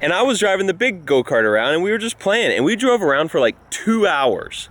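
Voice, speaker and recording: A man hosting a casual vlog, telling stories in a lively way and acting out the dialogue. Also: high voice, brisk, very noisy. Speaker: vlogger host. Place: on a ranch, in and around a barn.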